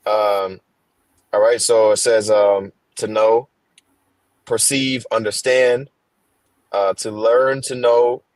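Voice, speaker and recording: A low-pitched man reads scripture in a laid-back study session. He stops often with fillers and restarts. The sound is dry and close. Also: flat delivery, darkish tone, no room sound, poor audio. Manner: halting, reads slowly with fillers. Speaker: scripture reader in a Bible class. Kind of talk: casual reading and discussion. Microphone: headphones on a stream.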